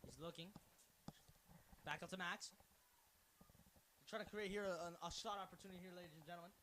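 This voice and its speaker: A high school boy with a fairly high voice gives color commentary on a lacrosse game. He rambles and wanders off topic, then shouts when a play goes wrong. A faint hiss sits behind him. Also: a little fast. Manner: rambling and excitable, prone to tangents and sudden shouts. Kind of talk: student sports broadcast commentary.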